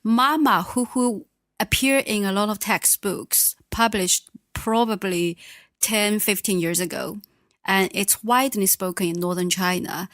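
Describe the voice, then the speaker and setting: A woman teaching a beginner language lesson on a podcast, patient and modelling words slowly. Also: mid-range voice, fairly even intonation, a bit bright, no room sound, studio quality.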